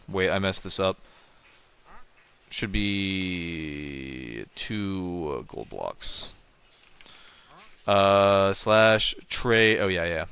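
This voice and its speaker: On a dull lo-fi microphone, a young game streamer talks in a smooth, fairly bright voice on the low side. His live commentary is casual, rambling and self-correcting as he chats with viewers.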